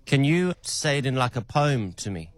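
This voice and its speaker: A man's voice: medium pitch, big pitch swings, normal speed, dry recording. Playful man quizzing an AI. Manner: playful, probing questions. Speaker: caller testing an AI.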